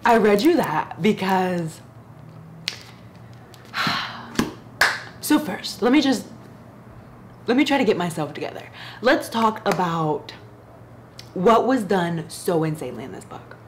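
A woman book vlogger chatting casually on her reading vlog, animated and giggly, gushing with big excited jumps. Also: medium pitch, slow pace, long pauses, noisy background.

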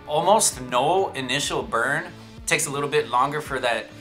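A man's voice: medium pitch, normal speed, fairly bright tone, faint music behind. A man giving a casual whiskey tasting review, chatty and self-amused, with joking asides. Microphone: shotgun microphone.

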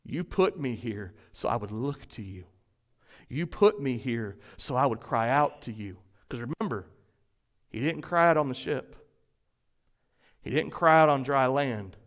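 A man preaching a sermon, talking straight to the congregation and swinging between loud passages and hushed ones. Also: mid-range voice, animated, measured pace. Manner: folksy, addresses congregation directly. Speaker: pastor.

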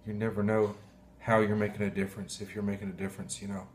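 Heartfelt low-voiced man preaching. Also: level tone, a little mellow, a little hiss or hum. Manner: heartfelt, halting, clears throat often. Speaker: pastor. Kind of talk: emotional sermon.

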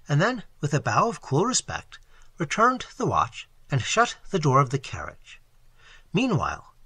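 A man narrating a classic novel as an audiobook, in an expressive, animated storytelling manner. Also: fairly high pitch, slightly rough, no echo.

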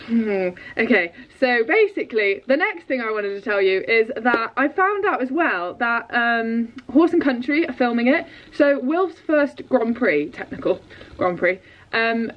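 A young woman talks excitedly and rambles in a casual vlog, her voice sitting a little high. The sound is dull and lo-fi. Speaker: vlogger and dressage rider.

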